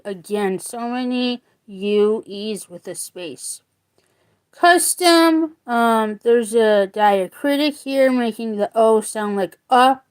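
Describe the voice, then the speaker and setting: Slow, high-voiced woman teaching phonics. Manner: slow, deliberate, repeats words to sound them out. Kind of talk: spoken phonics lesson.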